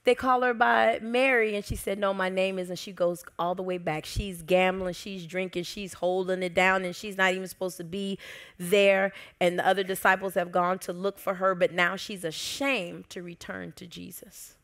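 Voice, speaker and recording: A woman pastor preaching a sermon, telling a story with lively expression and dropping to soft whispers at tender moments. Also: lowish voice, normal speed.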